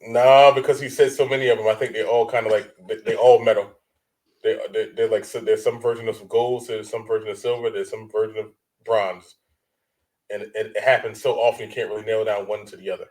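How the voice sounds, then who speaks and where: A man's voice: lowish voice, fairly quick, low-quality recording. A man co-hosting a reaction show, talking casually with lots of swearing and acting out voices. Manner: animated, swears a lot, acts out quoted voices.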